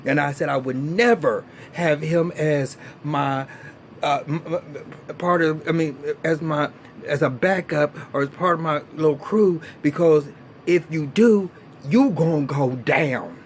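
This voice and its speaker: A man giving a casual vlog review of a TV episode, ranting in an animated, profane and exasperated way. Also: fairly high pitch, unhurried, a little hiss or hum. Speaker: TV show reviewer.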